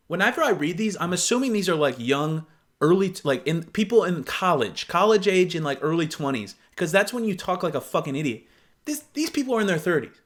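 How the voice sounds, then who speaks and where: A man's voice: high-pitched, big pitch swings, brisk, fairly bright tone. A young man hosting a casual reaction video, incredulous and profane, often laughing as he comments. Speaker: video host reacting to online posts.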